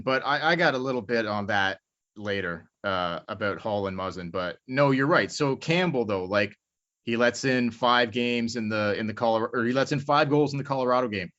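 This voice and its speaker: A man's voice: medium pitch, moderate pace, fairly bright tone. A man co-hosting a podcast, talking bluntly and with lots of swearing in casual chat. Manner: blunt, profane, worked up. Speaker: podcast co-host. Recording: muffled lo-fi podcast audio.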